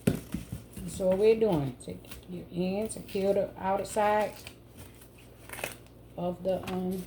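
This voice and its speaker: A woman talks viewers through a recipe in a relaxed, chatty home cooking vlog. She speaks slowly and calls her audience y'all and baby. Loud steady noise sits behind her voice. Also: mid-range voice. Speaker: home cook vlogger.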